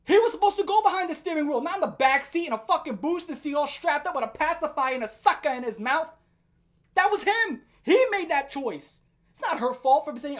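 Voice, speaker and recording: A woman's voice: sits high, expressive, fairly quick. A woman delivering an angry, profane rant commentary, heated and mocking as she tears into her subject. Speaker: online commentator.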